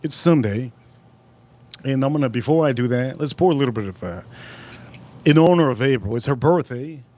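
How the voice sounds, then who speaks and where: A man hosting a live stream outdoors at a barbecue, chatting casually and rambling through animated stories. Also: mid-range voice, normal speed, long pauses.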